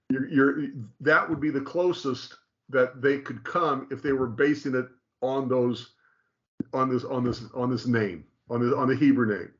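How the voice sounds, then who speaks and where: Man, mid pitch, emphatic conversational teacher, restates points and keeps checking "okay?", slightly muffled recording. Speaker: teacher explaining Hebrew.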